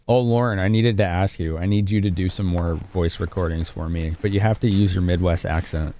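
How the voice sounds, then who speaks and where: Deep-voiced casual game streamer. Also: male voice, steady tone, moderate pace, warm tone, slight background noise. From Chicago, US. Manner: casual, chatty, laughing with chat. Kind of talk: live-stream game commentary.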